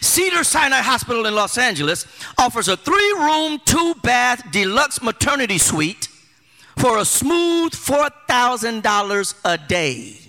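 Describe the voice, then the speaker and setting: A male pastor preaches in an animated way, piling up rhetorical questions and folksy asides. His voice sits high and swings widely, with a strikingly bright, ringing tone. A long reverb from a large sanctuary follows every phrase. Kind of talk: sermon.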